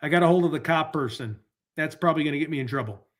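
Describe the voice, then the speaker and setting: A man hosts a live stream and rambles to his viewers while he looks things up. His voice sits a little on the high side. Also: very fast, a bit bright. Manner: rambling, talks to chat while searching online. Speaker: livestream host. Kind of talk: casual livestream chat.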